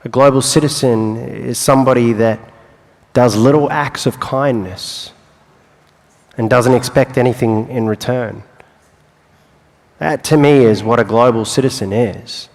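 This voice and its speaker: A young man giving a motivational talk on stage, telling his life story with long pauses and playful asides. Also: medium pitch, darkish tone. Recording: live hall with long reverb.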